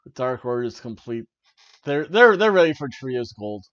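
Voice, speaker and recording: A man's voice: medium pitch, very animated, moderate pace, fairly bright tone, dry recording. A man co-hosting a podcast, casually reviewing a wrestling show in an enthusiastic, rambling way with frequent restarts. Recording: dry, slightly muffled home recording.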